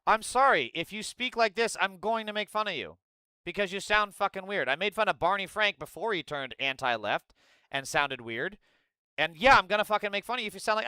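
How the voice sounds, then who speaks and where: A man's voice: high voice, lively intonation, a little fast, sharp tone, clear, resonant tone, dry recording. A man giving ranting political commentary in a heated, profane and sarcastic manner.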